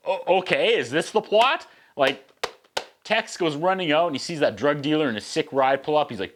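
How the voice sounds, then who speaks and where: A man's voice: medium pitch, expressive, brisk. A man hosting a casual video review, recapping a movie's plot with sarcastic, wry asides. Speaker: host.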